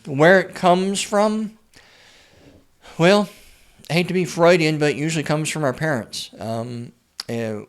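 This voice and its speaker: A man in a casual advice monologue, his pitch sitting in an ordinary middle range. He speaks bluntly and swears freely, often stumbling and repeating words as he works through a thought. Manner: frequent stammered word repeats. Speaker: writer and therapist.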